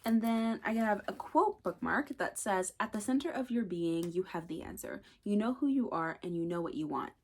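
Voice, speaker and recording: A young woman chatting excitedly in a casual vlog, gushing, gasping and dropping into whispers. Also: mid-range voice, normal speed, hardly any pauses. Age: young adult. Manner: gushing, excitable, repeats herself, gasps and whispers. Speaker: booktuber.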